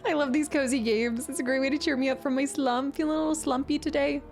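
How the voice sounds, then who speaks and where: A woman's voice: sits high, fairly even intonation, quick pace, a little mellow. A woman streaming a video game, chatting playfully and silly with her viewers while she plays. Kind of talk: casual live-stream commentary. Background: game music.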